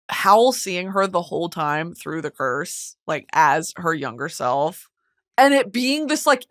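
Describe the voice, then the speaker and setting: A young woman hosting a casual chat show, animated and expressive, swearing freely. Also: mid-range voice. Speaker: podcast host.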